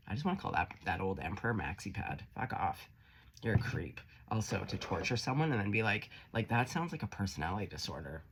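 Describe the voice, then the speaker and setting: A man's voice: fairly low pitch, sing-song, brisk, a bit bright, a little hiss or hum. A man giving a casual tarot reading, chatty and encouraging, swearing freely. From Canada. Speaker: tarot reader.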